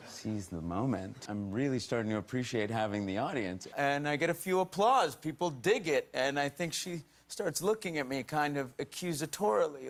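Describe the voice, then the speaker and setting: A man of mid pitch tells a story as an interview guest. He is animated, playing out each exchange in the voices of the people involved. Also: normal speed. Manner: animated storyteller acting out dialogue. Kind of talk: anecdote told in an interview.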